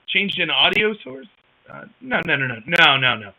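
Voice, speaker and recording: A creaky, bright voice on the high side carries a forceful tone as this man hosts a casual live stream. Wearing a wireless headset at home in the countryside, he rambles wryly and answers the chat. The audio comes through a dull, lo-fi headset mic.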